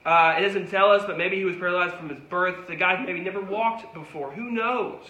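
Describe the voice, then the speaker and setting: Man, pastor, sermon, high-pitched, bright, conversational emphasis, echoey room. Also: normal speed, dull audio, a little hiss or hum. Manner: conversational preaching with rising emphasis.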